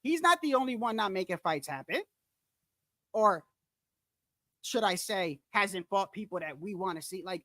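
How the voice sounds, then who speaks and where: A man's voice: very high voice, fairly bright tone, dry recording. A man hosting a boxing channel, ranting in a casual commentary style. He talks bluntly and emphatically, curses, repeats himself for emphasis, and speaks straight to his viewers. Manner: emphatic, repetitive, blunt and profane; addresses viewers directly, often says "bro".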